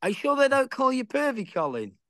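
A man's voice: very high voice, very animated, brisk, bright, forceful tone, no echo, studio quality. A man chatting enthusiastically as a radio guest, joking along. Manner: enthusiastic, jokey banter. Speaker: interview guest. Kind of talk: casual chat.

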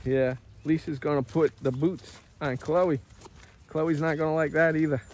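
Laid-back guy chatting on his farm, kinda high voice, filming on his phone outside. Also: steady tone, normal speed, darkish tone. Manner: easygoing, laughs often, speaks animals' thoughts. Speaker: farm owner. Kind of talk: casual farm vlog chat. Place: outdoors on a farm.

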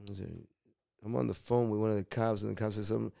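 A man in his fifties from Puerto Rico, an actor telling profane, animated stories as an interview guest. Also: lowish voice, fast, creaky, dry recording, studio quality. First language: Spanish. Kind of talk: casual storytelling interview.

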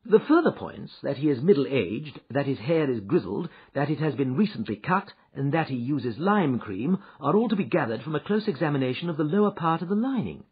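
A man voicing a shrewd, confident detective who lectures in a brisk, precise way, in a dull, muffled recording. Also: fairly high pitch, very animated, breathy edge, exaggerated voice. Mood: lecturing. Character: shrewd confident male detective, middle-aged. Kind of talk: audiobook character reading.

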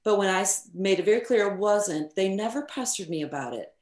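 Telling stories in an informal interview, the woman, middle-aged and a recording engineer by trade, comes across as candid and lively, swearing freely and filling pauses often. She talks fairly quickly at a medium pitch, with the sound echoing around the room.

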